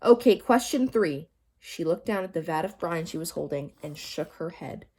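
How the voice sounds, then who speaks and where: A woman narrating a children's novel aloud in a lively storytelling manner. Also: deep voice, normal speed. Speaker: audiobook narrator.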